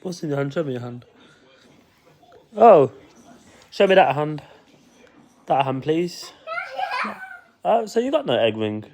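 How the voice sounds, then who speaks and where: A man's voice: fairly high pitch, sing-song, unhurried, pauses often, darkish tone. A man playing with his young child, teasing in a sing-song way and often laughing. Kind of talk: playful talk with a toddler.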